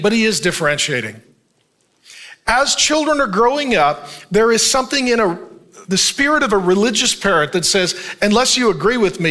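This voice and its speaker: A man preaching a sermon as pastor, reading scripture slowly and then talking it over in a joking, conversational way that draws the crowd in with "Amen?". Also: very high-pitched. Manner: reads scripture at a slow, even pace.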